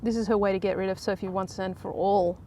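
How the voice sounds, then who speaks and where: A woman's voice: medium pitch, fairly even intonation, fast talker, dark tone, a little hiss or hum. A woman casually recapping a soap episode in a chatty, sarcastic way, mocking the characters.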